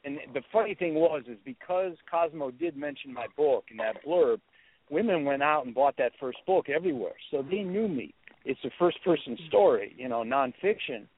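Male guest storyteller, animated, pops into a high voice for quotes; tinny phone-like audio. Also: moderate pace, breathy edge. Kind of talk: storytelling on a talk show. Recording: tinny phone-line sound.

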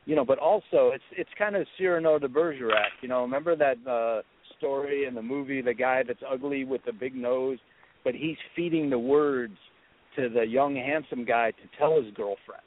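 Male guest storyteller, animated, pops into a high voice for quotes; tinny phone-like audio. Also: moderate pace, slight background noise. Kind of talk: storytelling on a talk show. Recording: tinny phone-line sound.

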